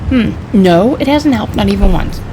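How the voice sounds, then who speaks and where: A woman's voice: medium pitch, moderate pace, natural voice. A woman voicing a teasing, sarcastic sidekick character in a game, reading its lines aloud. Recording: steady background noise.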